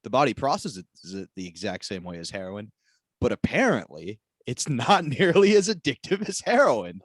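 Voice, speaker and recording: A male co-host of a comedy podcast giving a mock sponsor read. His delivery is deadpan, but his pitch moves animatedly, and he laughs at his own jokes. The sound is dry and close to the mic. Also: moderate pace, husky, no room sound.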